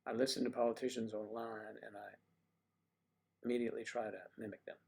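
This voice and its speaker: A man's voice: lowish voice, little pitch movement, fairly quick, gravelly, darkish tone, slightly rough. Playful rambling man hosting a livestream. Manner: playful, rambling, teasing asides. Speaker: livestream host. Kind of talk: casual livestream chat.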